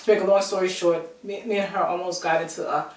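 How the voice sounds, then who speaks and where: A woman telling a personal story to her viewers in a chatty, animated way, acting out the people she quotes. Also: fairly low pitch, fast talker, a little hiss or hum. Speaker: vlogger. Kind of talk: casual storytelling to camera. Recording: roomy echo, from a distance.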